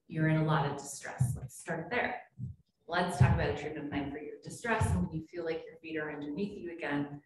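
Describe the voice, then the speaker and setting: A woman's voice: sits low, darkish tone. A woman psychiatrist giving a conference keynote, telling stories in a conversational way and acting out quoted voices. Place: conference hall. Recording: echoey hall, speaker far from mic, faint hum.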